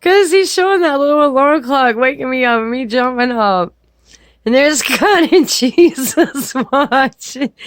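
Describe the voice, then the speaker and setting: A woman's voice: high-pitched, dry recording, studio quality. A woman in a casual vlog, giggly and gushing as she talks aloud to God.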